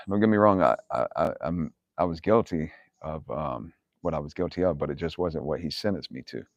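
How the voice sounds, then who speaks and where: With a very deep voice, lively intonation, and normal speed, a livestream host fields viewer questions through blunt, profane, casual storytelling. He laughs often and quotes himself angrily; the recording is dry, with the highs cut off.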